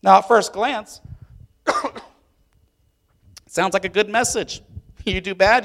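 A man preaching a sermon as a pastor, telling a story in an animated way and swinging between loud and hushed. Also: extremely high pitch, unhurried, long pauses.

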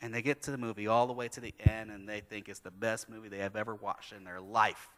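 A pastor preaching a sermon, telling a story about his kids and acting out their lines in lively storytelling. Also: lowish voice, fast. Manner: animated storytelling, acting out his kids' voices. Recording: long hall reverb.

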